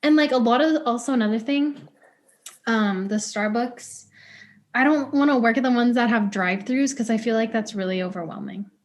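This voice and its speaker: Podcast co-host, young woman, high voice, rambling casual storyteller. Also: moderate pace. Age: young adult. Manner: rambling, many "like" fillers, giggly. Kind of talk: casual chat.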